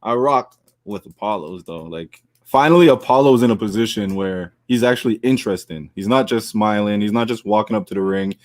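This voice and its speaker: A man's voice: fairly low pitch, brisk, a little mellow, no echo. A man co-hosting a casual wrestling podcast, chatty and joking as he talks through the week's matches. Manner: joking, chatty, drops into put-on accents. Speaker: podcast co-host.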